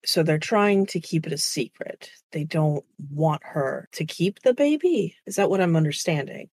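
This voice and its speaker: A woman's voice: low voice, animated, moderate pace, darkish tone, no echo. A woman playing a weary stern noble father.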